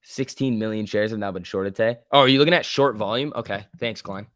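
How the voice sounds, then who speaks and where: A man's voice: lowish voice, fast talker, fairly bright tone, dry recording, studio quality. Casual man calling live stock moves. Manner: casual, joking, reads viewer messages aloud. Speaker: livestream host. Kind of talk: live market commentary and chat reading.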